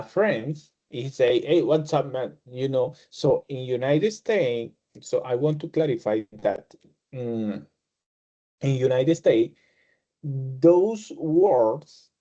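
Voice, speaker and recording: A man teaching English as a second language, a Spanish native speaker who explains with halting restarts and fillers, and laughs when he acts out greetings. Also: mid-range voice, mellow, lo-fi sound. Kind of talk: casual online class explanation.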